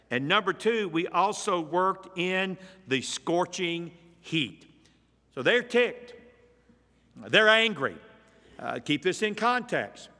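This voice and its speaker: A man's voice: fairly high pitch, sharp tone, in a large hall. A male pastor preaching a sermon, teaching verse by verse with emphatic points and rhetorical questions.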